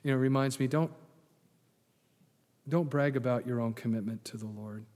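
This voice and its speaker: A man preaching a sermon as a pastor, telling the story with lively, sarcastic asides. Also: mid-range voice, moderate pace, big-room sound.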